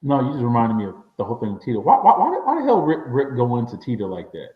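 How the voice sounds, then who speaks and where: An excitable man in a casual review chat, talking fast and stacking repeated words. His voice swings widely in pitch. The sound is echoey and muffled, like a lo-fi recording from a roomy space.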